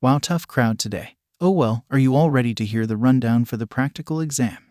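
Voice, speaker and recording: A brash male hero with a radio-host patter, as a man reads him out. The voice stays mid-pitched and plain, recorded dry and close. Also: brisk, darkish tone, dry recording, lightly acted. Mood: hyped.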